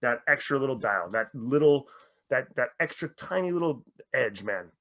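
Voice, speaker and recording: Male mindset coach, podcast guest, animated storyteller who swears freely. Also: medium pitch, moderate pace. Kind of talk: podcast interview.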